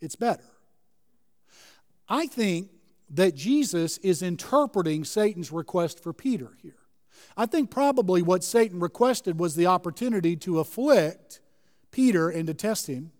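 A man's voice: sits high, animated, unhurried, darkish tone, in a large hall. A man preaching a sermon as a pastor, earnestly explaining scripture verse by verse.

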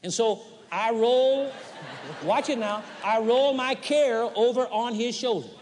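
This 1980s live arena recording captures a high-voiced male preacher giving a folksy, animated, unhurried sermon, acting out little scenes. A long reverb lingers on his words, with slight noise in the background.

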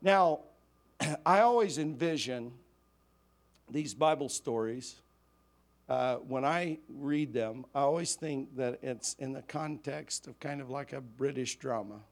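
A man's voice: medium pitch, slow pace. A male pastor preaching a sermon in a conversational, humorous storytelling way.

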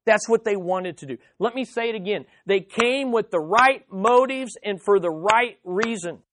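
A pastor preaches a sermon at normal speed in a high-sitting voice, addressing listeners directly and hammering home his key phrases. He swings between loud and hushed delivery, and there is noise in the background.

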